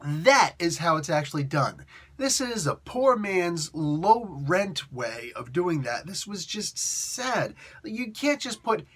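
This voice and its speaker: A man's voice: sits high, very animated, slow pace, a bit bright. A man giving a blunt, exasperated comic book review, rambling with restarts and asides. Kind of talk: casual spoken review.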